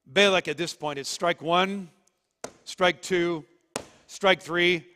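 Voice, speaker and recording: A man preaching a sermon in a lively, chatty way, breaking into loud bursts. His voice sits a little high, and it rings with the long reverb of a church hall. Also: takes it slowly, a little hiss or hum. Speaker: pastor. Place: church sanctuary.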